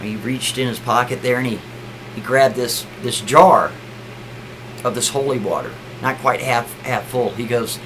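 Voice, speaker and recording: A man's voice: mid-range voice, measured pace, a bit bright, slight background noise, low-quality recording. A man telling a story in a casual, rambling way, often repeating himself and checking in with the listener. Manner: rambling, repeats "I mean" and "right?", stumbles over words.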